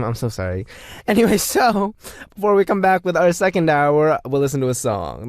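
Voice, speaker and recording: A man's voice: medium pitch, no room sound. A man hosting a radio show, chatty and joking as he reads out messages and introduces songs. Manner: playful, chatty, jokey. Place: radio studio.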